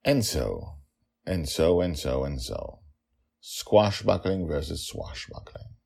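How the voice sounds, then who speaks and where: A man narrating his own fantasy podcast, chatty and animated with plenty of "uh"s. His voice is extremely low and gravelly, and it rises and falls a lot. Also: slow.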